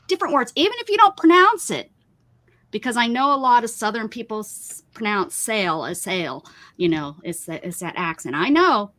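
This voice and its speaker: Lively, animated woman ranting on a stream. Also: medium pitch. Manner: rambling, emphatic, ranting about pet peeves. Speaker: craft livestream host. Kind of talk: casual chat.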